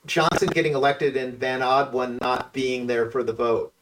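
A man's voice: mid-range voice, steady tone, moderate pace, recorded from a distance, background noise. A man appearing as a political consultant guest on a talk radio show, hesitant and full of ums. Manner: distracted, hesitant, lots of ums. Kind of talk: casual political radio chat.

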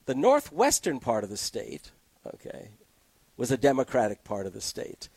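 A man's voice: mid-range voice, no room sound. A man arguing his case with energy in a casual political discussion, close to a studio mic. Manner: animated, argumentative, quick to laugh. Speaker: political commentator guest.

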